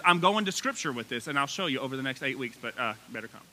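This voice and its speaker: High, lively, bright-voiced preacher man. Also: fast. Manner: animated, folksy preaching with rising excitement. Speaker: pastor. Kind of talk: sermon. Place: church sanctuary.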